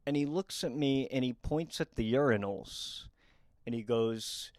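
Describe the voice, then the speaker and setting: A young man telling comic true stories in a quick, deadpan and wry way. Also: medium pitch, no room sound. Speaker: comedic storyteller. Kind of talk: storytime comedy monologue.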